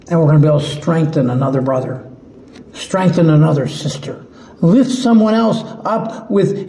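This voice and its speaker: Male preacher, fairly high-pitched, unhurried and earnest, stumbling over restarts; roomy sound. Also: warm tone, slight background noise. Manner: slow, earnest, halting with restarts. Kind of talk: sermon. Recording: echoey room.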